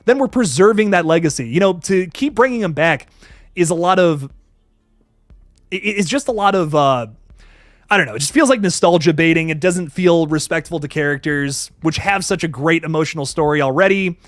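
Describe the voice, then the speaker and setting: A man's voice: fairly high pitch, brisk, no echo, studio quality. A young man casually chatting on a live stream, swearing often and reading viewers' chat messages aloud.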